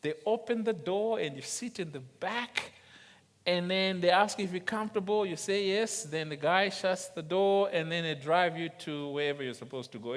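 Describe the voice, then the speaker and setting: Lively, high-voiced preacher in a hall. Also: male voice. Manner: humorous, chuckling storyteller. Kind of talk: sermon. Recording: long reverb of a large hall.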